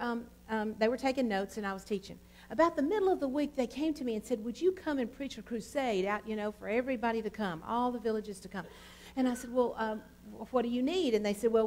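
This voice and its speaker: A middle-aged woman pastor, telling a testimony in a sermon with a lot of fillers and animated storytelling. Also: fairly high pitch.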